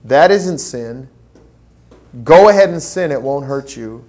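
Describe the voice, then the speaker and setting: A man voicing the devil as a contemptuous tempter, slowly sneering accusations. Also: fairly high pitch, animated, a little mellow. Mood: taunting. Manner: slow, sneering, scornful.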